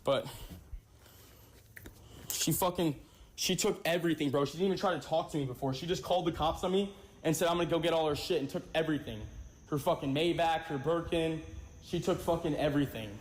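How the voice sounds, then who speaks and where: A man's voice: fairly high pitch, fairly quick. A man in a streamed clip, ranting furiously and swearing constantly. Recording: echoey room with faint background noise.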